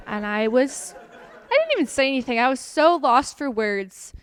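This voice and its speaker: A woman's voice: fairly high pitch, very animated, moderate pace, smooth, a faint crowd. Young woman giving a sarcastic mock talk. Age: young adult. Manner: sarcastic, laughs often, mock-dramatic. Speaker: student presenter. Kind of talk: satirical TED-style talk.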